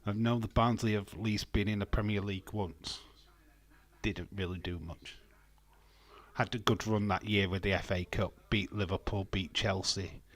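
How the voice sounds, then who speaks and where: A man's voice: on the low side, steady tone, normal speed, dry recording. A man with a Yorkshire accent casually chatting and bantering with his live-stream viewers, rambling and swearing now and then. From Yorkshire, England. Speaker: wrestling watch-along streamer. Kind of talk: casual live-stream chat, reading comments.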